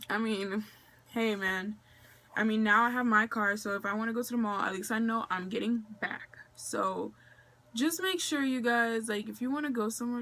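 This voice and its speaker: A woman's voice: on the high side, a bit bright. A young woman from Maryland chats through a personal story for her vlog. She talks loosely, leaning on fillers and slang, and acts out what people said along the way. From Maryland, USA. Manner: chatty, filler-heavy, slangy retelling with quoted dialogue. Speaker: vlogger.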